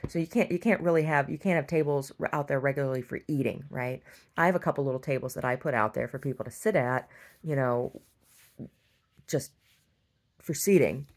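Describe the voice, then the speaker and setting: A woman's voice: very deep voice, a little fast. A middle-aged woman who owns a store, telling a long rambling story and getting exasperated, with many restarts. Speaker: store owner. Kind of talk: casual storytelling monologue.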